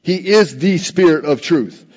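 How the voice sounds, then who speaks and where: A man's voice: a little high, a little slow, darkish tone. A man preaching a sermon as pastor, earnest and building emphasis on scripture quotes. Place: church sanctuary. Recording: dull, long-reverb church recording.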